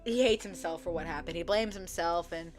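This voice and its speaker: A woman's voice: on the low side, brisk. A young woman casually retelling a book story from memory, swearing freely and acting out the characters' lines. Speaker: book vlogger. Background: soft background music.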